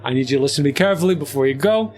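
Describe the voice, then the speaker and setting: A man's voice: medium pitch, animated, rapid-fire, natural voice. A man doing a rowdy dead warrior, cheering you on. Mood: rousing. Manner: rowdy, loud bursts of cheering. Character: boisterous dead male warrior, gruff and encouraging.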